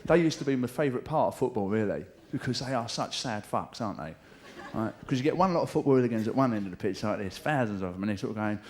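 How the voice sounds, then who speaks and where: A man with a London accent doing a live stand-up routine in a theatre, cheeky and full of swearing, often shouting out mimicked voices. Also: mid-range voice, lively intonation, quick pace, few pauses. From England. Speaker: stand-up comedian. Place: large theatre stage with audience. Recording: theatre show taped with audience noise.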